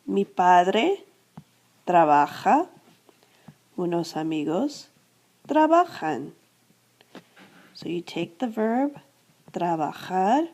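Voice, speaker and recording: Slow, mellow woman teaching verb endings. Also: on the low side. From United States. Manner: explains step by step, repeats verb endings, asks and answers her own questions. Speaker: Spanish teacher. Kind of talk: classroom-style grammar lesson.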